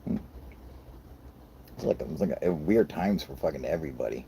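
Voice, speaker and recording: A man's voice: rumbling low, lively intonation, moderate pace, gravelly, warm tone. An American man with a scratchy voice hosting a livestream, joking around with heavy swearing and frequent laughter. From United States. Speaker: livestream host reading chat. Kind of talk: casual profane banter.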